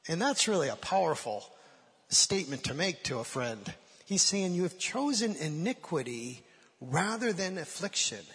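A man's voice: fairly high pitch, big pitch swings, normal speed, a bit bright, slightly rough, big-room sound. A man giving sermon-style Bible teaching, acting out quoted voices with rising emotion.

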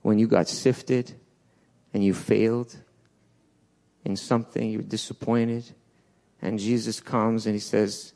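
A man preaching a sermon in a church, swinging between loud urgent peaks and soft low asides, with restarts along the way. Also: little pitch movement, unhurried, vocal fry, pauses often. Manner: passionate, rises and falls, restarts, acts out quotes.

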